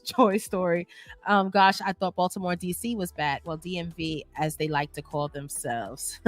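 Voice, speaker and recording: Animated woman reading a livestream chat. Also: lowish voice, no room sound. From New York. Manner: animated, laughs often, drawn-out emphasis. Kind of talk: casual chat.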